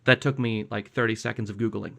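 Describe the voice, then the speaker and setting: A man's voice: lowish voice, fairly even intonation, fast talker, creaky, a bit bright. A young man from Canada co-hosting a podcast in casual chat, with dry, self-mocking humor. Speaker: podcast co-host.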